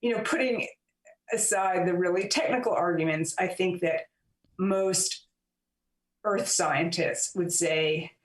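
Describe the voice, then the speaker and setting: A woman author and journalist, a guest in an interview, giving long, measured explanations with frequent fillers. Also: fairly low pitch. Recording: roomy and distant from the mic.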